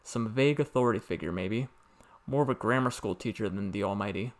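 Calm man reading a story aloud. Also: on the low side, a little fast. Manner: calm, patient, explaining. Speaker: narrator. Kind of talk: first-person story reading.

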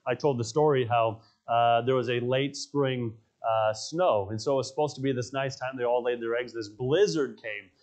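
A man's voice: mid-range voice, normal speed, hardly any pauses, a little mellow. A male pastor preaching a sermon in a church, telling stories with emphasis and repeating his key phrases. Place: church sanctuary.

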